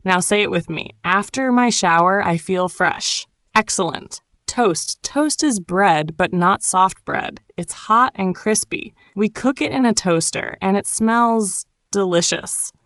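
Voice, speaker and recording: A woman teaching an English lesson, narrating a simple story and gently coaching learners to repeat words, with warm encouragement. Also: medium pitch, expressive, measured pace, few pauses, dry recording, studio quality. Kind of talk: slow ESL lesson narration.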